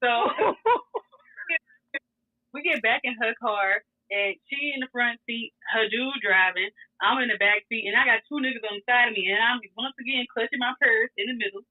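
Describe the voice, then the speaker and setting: A woman tells a story casually, cursing freely and laughing between lines. Her voice sits a bit high, and it comes through a thin, phone-like channel. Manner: animated, profane, laughs often. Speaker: guest telling a story. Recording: tinny phone-like sound.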